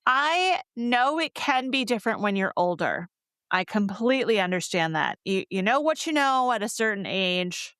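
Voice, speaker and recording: A woman's voice: medium pitch, big pitch swings, moderate pace, fairly bright tone, clean tone, no room sound, studio quality. A woman co-hosting a romance book podcast, chatting candidly and laughing easily. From North Carolina. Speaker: podcast co-host reviewing romance novels. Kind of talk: casual chat.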